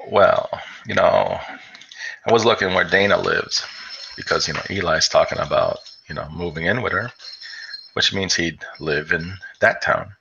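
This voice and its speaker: This low, gravelly, husky male voice moves at a normal speed. He's a stream co-host from the Chicago area, rambling through casual talk with lots of fillers and restarts, and the lo-fi recording sounds dull and carries steady noise.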